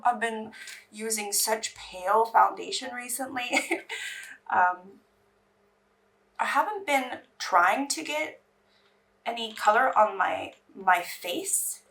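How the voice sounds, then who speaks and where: A woman's voice: mid-range voice, creaky, a bit bright, far from the mic. A woman beauty vlogger in casual get-ready-with-me chat, rambling and anxious as she talks.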